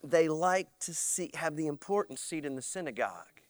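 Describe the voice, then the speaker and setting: A man preaching a sermon, animated and swinging from loud to soft, with playful mock voices. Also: on the high side, moderate pace, no echo. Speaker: pastor.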